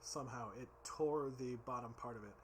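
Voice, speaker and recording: A man's voice: medium pitch, fairly quick, a little hiss or hum. A tipsy man rambling and giggling as he reviews drinks in a casual vlog, stumbling over his words.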